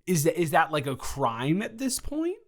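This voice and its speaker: A man's voice: on the high side, huge pitch swings, normal speed. A young man improvising an audio role-play, talking in a flustered, rambling way with many stammering restarts.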